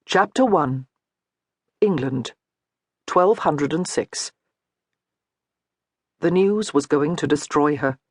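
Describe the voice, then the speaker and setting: A woman narrating a historical novel in a measured, storytelling way. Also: low-pitched, darkish tone, husky, dry recording, studio quality. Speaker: audiobook narrator. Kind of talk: scripted narration.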